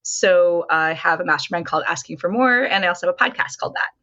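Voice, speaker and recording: Bright-voiced woman telling stories. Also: on the low side, quick pace. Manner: animated storytelling, frequent "like". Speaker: nonprofit consultant and coach, guest. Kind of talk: conversational podcast interview. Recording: dull lo-fi sound.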